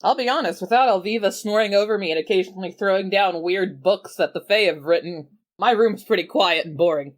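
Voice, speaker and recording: A woman's voice: mid-range voice, a little fast, few pauses. A woman playing a character in a tabletop game, laid-back and dry, with a wry sense of humor. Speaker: player.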